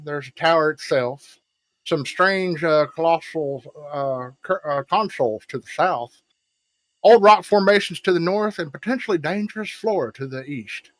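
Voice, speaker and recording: An upbeat, eager survey leader from a tabletop game, put on by a man rattles off a list of sites with his voice pitched up and pushed louder. The sound is dry and close, with no room around it. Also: no echo. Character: friendly man leading an alien survey team.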